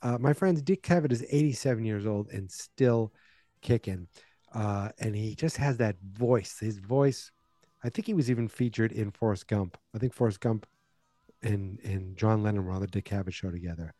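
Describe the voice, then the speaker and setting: A man's voice: on the low side, moderate pace, mellow, dry recording. A man in his forties, a podcast host casually retelling a movie plot with wry asides.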